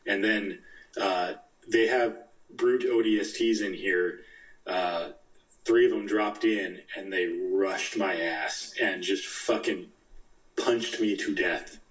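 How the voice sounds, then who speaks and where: A man co-hosting a podcast in casual gaming chat, rambling quickly and swearing. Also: sits low, steady tone, far from the mic, low-quality recording. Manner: fast rambling, laid-back, swearing. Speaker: podcast co-host.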